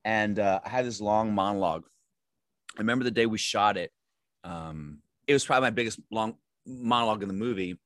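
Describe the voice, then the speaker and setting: A man with a lowish voice tells loose, self-mocking stories about his acting work, full of fillers and restarts. The sound is close and dry, with no room around it. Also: a little fast, fairly bright tone, no echo. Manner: rambling, self-deprecating storytelling with many fillers. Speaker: actor guest. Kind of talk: casual interview chat.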